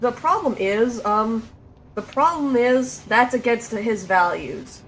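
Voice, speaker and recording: Firm woman player, slightly high voice. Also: animated, takes it slowly, a bit bright, slight background noise, low-quality recording. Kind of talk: casual chat.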